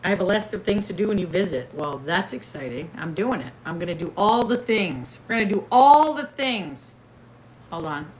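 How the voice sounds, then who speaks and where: A woman's voice: fairly low pitch, lively intonation, moderate pace, a little hiss or hum. A middle-aged woman hosting a casual livestream, chatting playfully and reading out viewer comments while she waits for a guest. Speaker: livestream host.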